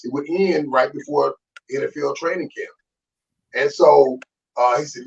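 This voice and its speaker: Gravelly guy in his 50s telling old football stories, sounds far off and muffled. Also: fairly high pitch, measured pace, pauses often. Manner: animated, acts out quoted voices. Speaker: guest, former football player. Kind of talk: casual storytelling. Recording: distant, dull remote audio.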